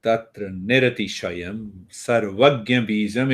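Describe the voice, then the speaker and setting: A man teaching meditation slowly and calmly, with long pauses and Sanskrit terms. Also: mid-range voice. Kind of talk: spiritual teaching talk.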